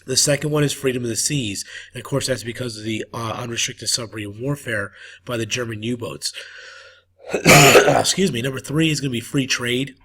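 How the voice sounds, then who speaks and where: A man's voice: mid-range voice, moderate pace, pushed and bright, slightly rough. A man teaching a history lesson in a casual, repetitive way with lots of fillers, coughing now and then. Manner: casual, repeats himself, many fillers. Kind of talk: recorded classroom lecture.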